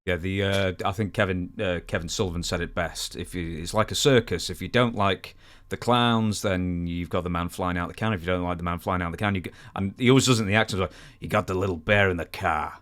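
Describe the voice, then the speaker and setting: A man hosting an interview, relaxed and chatty with his guest. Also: deep voice, fast. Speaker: interview host. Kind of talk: casual interview.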